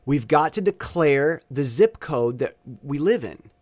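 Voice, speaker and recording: A man talking in a casual vlog monologue, opinionated and animated, with stop-and-start rambling. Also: fairly high pitch, a little slow, dry recording. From Southern Taiwan. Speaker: vlogger.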